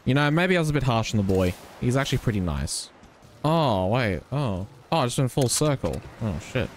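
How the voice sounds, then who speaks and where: A man giving loud, joking live commentary as he plays a game, swearing and teasing his chat. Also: mid-range voice, a little fast, background noise. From Australia. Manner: excitable, swears freely, teasing banter with chat. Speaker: streamer.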